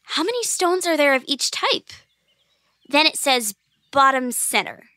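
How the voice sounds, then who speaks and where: Molly, a bright brainy girl. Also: high voice, sing-song, no echo, clean studio sound, exaggerated voice. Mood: curious. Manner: quick-witted, problem-solving. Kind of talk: children's audio drama.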